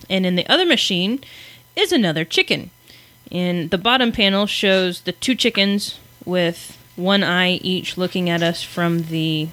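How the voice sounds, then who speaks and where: A woman's voice: fairly low pitch, a bit bright, no echo. A woman casually recapping a comic story on a podcast, chatty and self-deprecating. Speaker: podcast co-host.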